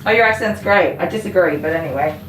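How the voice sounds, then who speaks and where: A woman's voice: fairly low pitch, fast talker. Chatty woman groomer on a livestream, laughs a lot, far from the mic, roomy. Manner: chatty, self-deprecating, laughs often. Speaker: dog groomer hosting a livestream. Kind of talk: casual livestream chat. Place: grooming room. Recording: roomy, distant mic with background noise.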